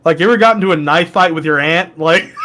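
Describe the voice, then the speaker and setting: High-voiced young man telling wild stories. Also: fast. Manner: profane, animated storytelling that jumps high when quoting. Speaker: podcast co-host. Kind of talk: casual storytelling chat.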